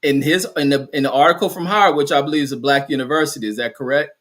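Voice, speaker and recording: A man's voice: mid-range voice, very fast, a bit bright. A man hosting a livestream, arguing his point bluntly and with a lot of profanity over a voice call. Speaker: host. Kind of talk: heated casual debate.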